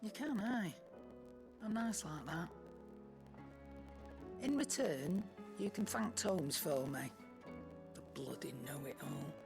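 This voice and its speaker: An actress playing a gruff, teasing caretaker in a video game, with a dry manner. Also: female voice, on the low side, very animated, slow pace, long pauses, heavily acted. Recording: video game audio with music.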